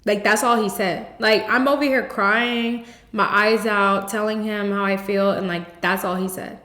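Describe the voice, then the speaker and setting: A woman's voice: medium pitch, steady tone, unhurried, sharp tone. A young woman hosting a podcast, telling her own story in a candid, emphatic way, full of "like" fillers and blunt swearing. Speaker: podcast host. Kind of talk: personal testimony, casual storytelling. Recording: roomy echoey recording.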